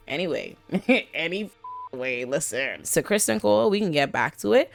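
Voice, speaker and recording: A woman hosting a casual TV episode breakdown, animated and profane, laughing often and talking back at the characters. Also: sits low, normal speed, gravelly, soft background music. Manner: sassy, talks back at characters. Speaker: TV recap host.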